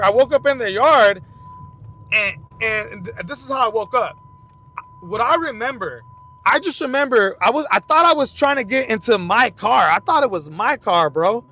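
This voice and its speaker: A young man hosting a fight commentary channel, telling loose, profane stories in rambling casual talk while he drives. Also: bright, forceful tone. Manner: rambling storytelling, loose and profane, frequent restarts. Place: in a car while driving. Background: vehicle rumble.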